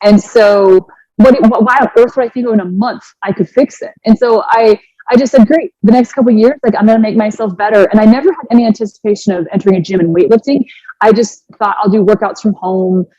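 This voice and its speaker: A woman in her forties, a fitness coach, telling her personal story in an earnest, animated way with many restarts. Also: mid-range voice, fast, no echo. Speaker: fitness coach and podcast guest. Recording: dry, slightly dull sound.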